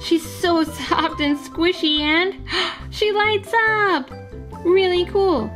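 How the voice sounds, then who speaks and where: A woman's voice: extremely high pitch, takes it slowly, a bit bright, soft background music. A woman narrating a toy unboxing for children, gushing and gasping sweetly at each surprise.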